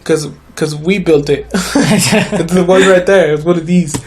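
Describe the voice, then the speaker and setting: A man's voice: fairly high pitch, fairly even intonation, a little slow, slight background noise. A young man co-hosting a podcast, casually telling a scary story between laughs and swearing. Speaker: podcast co-host. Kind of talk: casual chat.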